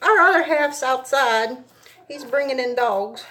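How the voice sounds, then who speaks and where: A woman's voice: high voice, a little slow, sharp tone. A woman visiting a friend's live craft stream, chatting casually and laughing at her own clumsiness. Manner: self-deprecating, laughs it off. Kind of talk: casual chat.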